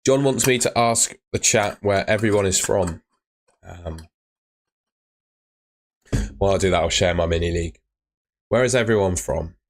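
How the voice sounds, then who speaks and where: The host of a fantasy football live stream, a low-voiced man, chats casually at a normal pace and pauses often. He's talkative, sprinkling in filler words while reading out comments from viewers.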